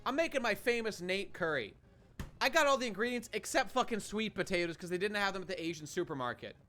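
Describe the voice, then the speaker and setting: A man's voice: high voice, lively intonation, fast talker, pushed and bright, slight background noise. A man streaming a game and chatting with his viewers in a rambling, profane way, often restarting his sentences. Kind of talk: casual live-stream commentary.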